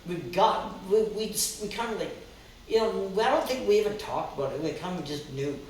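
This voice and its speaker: An older man with a slightly high voice tells a rambling story full of restarts and fillers. He sounds a little distant from the mic, in a very echoey room with faint background noise. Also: animated, brisk. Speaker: guest songwriter and guitarist. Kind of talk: casual chat, storytelling.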